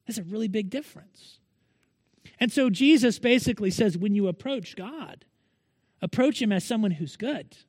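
A man's voice: extremely high pitch, no room sound, in a large hall. A male pastor preaching a Sunday sermon in an earnest manner, pressing his listeners with repeated rhetorical questions.

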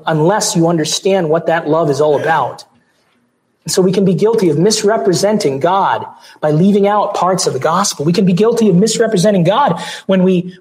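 A pastor delivering a sermon, hoarse with his voice going out, earnest, with restarts and throat clearing. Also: high-pitched, rough recording.

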